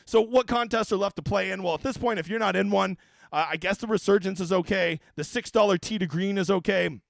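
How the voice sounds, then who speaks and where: Guy ranting on his golf stream, cussing a lot, high raspy voice, dry sound. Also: no echo. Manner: profane, brash, rapid-fire ranting. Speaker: daily fantasy golf streamer. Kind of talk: casual livestream talk.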